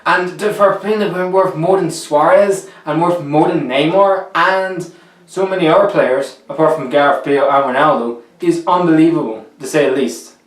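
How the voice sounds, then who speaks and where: A man's voice: fairly high pitch, normal speed, far from the mic. A young man giving casual, opinionated football transfer commentary in a rambling, chatty way. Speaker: football vlogger. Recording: roomy echo, a little off the mic.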